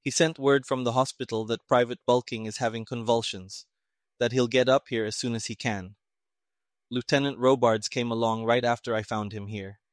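A man voicing a short, thick-set, gray-mustached army major who speaks low and quietly. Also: fairly even intonation, moderate pace, dry recording, studio quality, natural voice.

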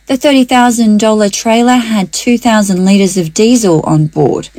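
A woman reading the local radio news in a steady, measured way. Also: medium pitch, no echo. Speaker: news reader.

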